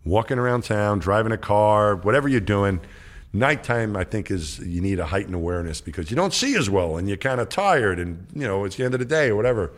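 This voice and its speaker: Here the same kind of guest, a middle-aged ex-astronaut on an interview show, spins a lengthy, wandering story and performs the characters' lines. His lowish voice moves a little fast with lively intonation, and the exchange feels like a relaxed storytelling interview.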